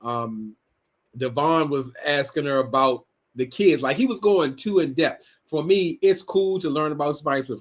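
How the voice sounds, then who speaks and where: A young man co-hosts a casual live-stream recap in a laid-back way. He reads viewer comments aloud and laughs often. His voice sits a little higher than most men's. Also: moderate pace. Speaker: co-host reading viewer comments.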